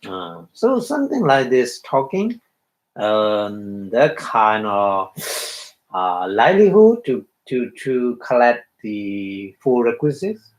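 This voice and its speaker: A man with a Burmese accent giving a Buddhist dharma talk, halting and full of fillers, acting out little quotes as he explains. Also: medium pitch, very animated, rough recording. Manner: halting, many fillers, acts out quotes with laughter. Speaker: Buddhist monk teacher.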